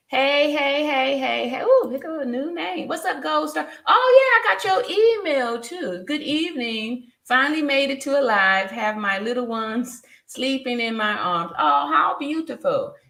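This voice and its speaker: A woman's voice: mid-range voice, pushed and bright, echoey room. A woman in her fifties hosting a casual live stream, greeting viewers by name, reading their comments aloud and laughing often. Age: 50s.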